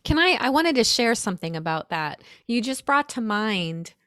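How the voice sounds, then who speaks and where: An American woman, a storyteller, recounting a personal experience in an earnest, animated, emotional way. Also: fairly high pitch, normal speed, smooth, no echo, clean studio sound. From United States. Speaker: storyteller guest. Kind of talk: conversational storytelling.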